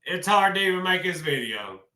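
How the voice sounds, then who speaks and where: A man with a drawl rants about college football in a folksy, emotional way, calling his viewers "y'all". His voice is fairly high and very bright and sharp. The sound is echoey, like a hard-walled room. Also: big pitch swings, normal speed. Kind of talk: casual sports vlog.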